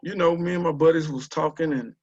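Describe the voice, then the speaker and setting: A man from Houston, telling a story and urging listeners on a group call, with animated, repetitive exhortation. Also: a little high, a little fast. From Houston, Texas. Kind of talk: motivational storytelling. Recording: muffled lo-fi call audio.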